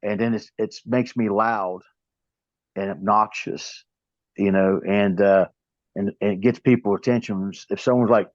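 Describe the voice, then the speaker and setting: A man in his fifties, a pro wrestler from the American South, rambles through stories as a guest in a casual interview, restarting often. His Southern-accented voice sits on the low side, steady in tone and measured in pace. The recording is dull, lo-fi and dry.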